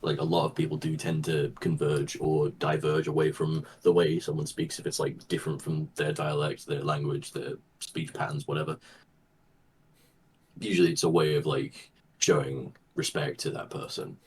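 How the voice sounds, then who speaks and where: A man's voice: a bass voice, flat delivery, normal speed, a little mellow, slightly rough. A man chatting as a guest, explaining things in a matter-of-fact way. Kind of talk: casual chat.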